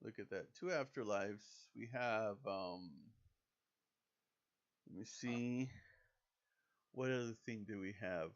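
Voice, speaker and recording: A man chatting casually over a video game, excitable and self-deprecating. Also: fairly low pitch, takes it slowly, pauses often, muffled recording. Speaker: gaming YouTuber. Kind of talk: casual gameplay commentary.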